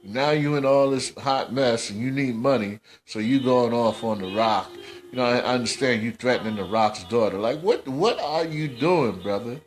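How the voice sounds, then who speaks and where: A man's voice: medium pitch, normal speed. A man hosting a casual commentary podcast, scolding in slangy, repetitive talk. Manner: scolding, slangy, repeats himself. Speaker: host.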